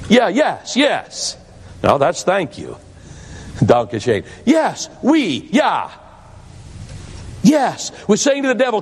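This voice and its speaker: A man preaching a sermon, earnest and warning, telling stories to make his point. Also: a little high. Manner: earnest, warning tone with storytelling asides. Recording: long hall reverb.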